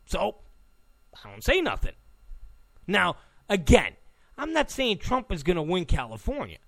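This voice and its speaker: A man's voice: high voice, wildly swooping pitch, unhurried, vocal fry, a bit bright, no room sound. A man hosting a talk show, delivering a rambling, blunt political monologue full of repeats and restarts. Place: Los Angeles studio.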